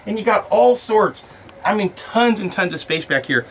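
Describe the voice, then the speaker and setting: A man's voice: high voice, expressive, normal speed, background noise. A man giving an upbeat, folksy sales walkaround of a motorhome on a sales lot.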